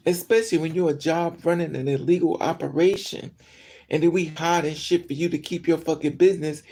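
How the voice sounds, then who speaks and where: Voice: mid-range voice, steady tone, moderate pace, darkish tone. A profane, upset vlogger venting. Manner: angry, profane venting with frequent fillers. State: upset after crying all day. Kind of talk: emotional monologue to camera.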